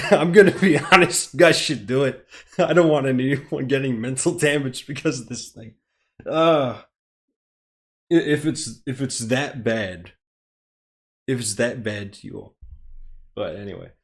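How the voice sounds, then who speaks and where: A man's voice: medium pitch, lively intonation, a little slow, pauses often. A man with an American accent, reading a script aloud on a live stream and rambling in self-deprecating asides. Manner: rambling and self-deprecating, chuckling between phrases. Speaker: streamer, host.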